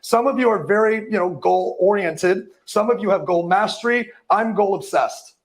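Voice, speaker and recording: A man's voice: sits high, moderate pace. A man giving a live motivational talk to an audience, hyped and profane, tripping over words now and then. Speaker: motivational speaker.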